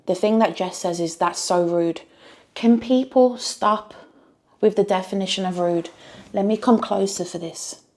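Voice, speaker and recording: A woman's voice: medium pitch, normal speed, darkish tone. A woman giving blunt, emphatic reaction commentary on a reality show. She repeats phrases for effect and swears freely.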